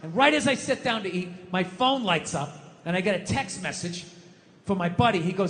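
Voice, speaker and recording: Animated and a little fast, a middle-aged man with a high-pitched voice rants on stage during his comedy set, loud, exasperated and cursing. The audience laughs in a live hall with a long reverb.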